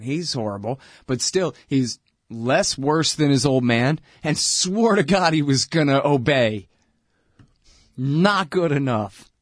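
A man's voice: mid-range voice, dry recording, studio quality. A man hosting a political talk show, blunt and rambling, with plenty of profanity. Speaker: host. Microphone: headphones and studio mic.

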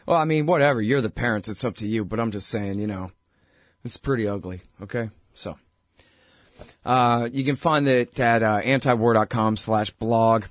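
A man's voice: fairly low pitch, normal speed, dry recording, clean studio sound. A male radio host giving blunt, heated political commentary in a conversational way, with frequent fillers.

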